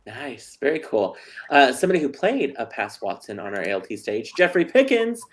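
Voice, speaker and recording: A man's voice: medium pitch, sing-song, a little fast. A man hosting a casual chat interview, joking and chatty with plenty of fillers. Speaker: host.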